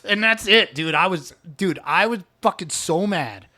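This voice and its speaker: A man's voice: high voice, normal speed, few pauses, bright, forceful tone. A man hosting a casual comedy podcast, telling a story animatedly with constant swearing and "dude". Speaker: podcast host.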